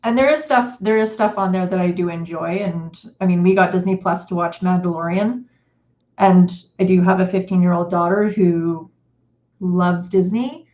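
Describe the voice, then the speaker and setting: A woman's voice: lowish voice, fairly even intonation, moderate pace, darkish tone. A middle-aged woman from Canada, explaining things casually as a guest co-host on a livestream chat, with many fillers. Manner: chatty, filler-heavy explaining. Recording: echoey, dull remote audio.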